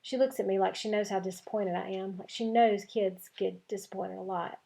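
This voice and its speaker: A woman teacher reading a chapter book aloud to her class, with clear, expressive storytelling. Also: medium pitch, normal speed, slight background noise.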